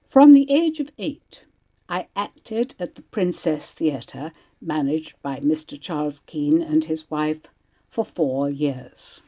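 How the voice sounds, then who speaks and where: Animated woman telling a stage memoir. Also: deep voice, slow pace. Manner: lively, animated storytelling. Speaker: amateur actor. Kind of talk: dramatic reading of a memoir. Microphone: home recording.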